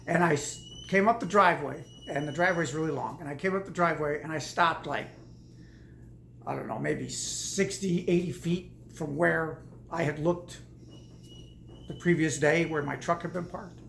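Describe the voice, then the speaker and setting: Gravelly woman telling a rambling story. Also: low-pitched, moderate pace, a bit bright, roomy sound, slight background noise. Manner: rambling, with many restarts and repeats. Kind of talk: casual personal storytelling.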